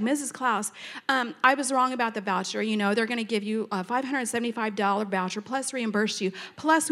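Chatty high-voiced woman telling her testimony. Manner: chatty and animated, acting out both sides of conversations, laughing often. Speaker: church member giving testimony. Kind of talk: storytelling testimony to a congregation.

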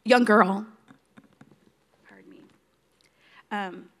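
A woman teaching a Bible passage in a relaxed, conversational way, retelling the story in her own words with plenty of fillers. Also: medium pitch, very slow.

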